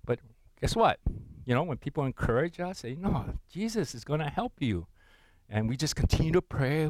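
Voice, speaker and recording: Middle-aged male preacher, lively and playful, slightly high voice, dry close sound. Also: moderate pace, dry recording, poor audio. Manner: animated, playful, big swings between loud and hushed. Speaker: pastor. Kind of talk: sermon.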